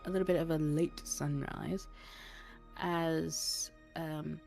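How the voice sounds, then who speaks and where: A woman narrating a tabletop role-playing game as game master, unhurried and filling pauses with ums and uhs. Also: deep voice, steady tone, creaky, a little mellow, faint music behind.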